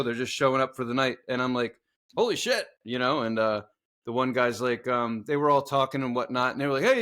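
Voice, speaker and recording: A man co-hosting a podcast, telling a workplace story in casual, profane chat and acting out the people in it loudly. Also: mid-range voice. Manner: swearing storyteller, loud animated reenactments. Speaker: podcast co-host.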